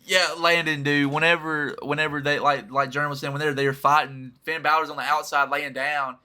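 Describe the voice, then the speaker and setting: A man hosting a casual podcast, laid-back and quick to laugh, who acts out lines as he retells matches. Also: on the high side, flat delivery, bright, forceful tone. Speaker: podcast host. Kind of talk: casual chat.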